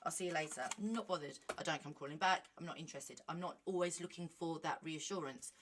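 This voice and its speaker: Chatty, animated woman, lowish voice. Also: quick pace, noisy background. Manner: animated, chatty, self-mocking asides. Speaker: vlogger. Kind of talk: casual chat, reading a leaflet aloud.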